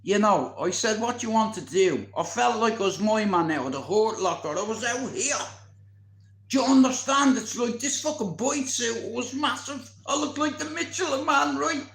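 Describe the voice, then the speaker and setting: A man, telling a story in casual, animated chat, swearing constantly. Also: very high-pitched, normal speed, creaky, echoey room. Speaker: vlogger.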